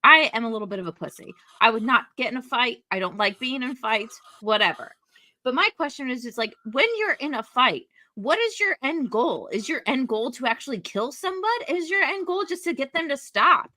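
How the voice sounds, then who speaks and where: Bright lively woman on a podcast. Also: sits high, brisk, no room sound. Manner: outspoken, swears when upset. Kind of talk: casual podcast chat.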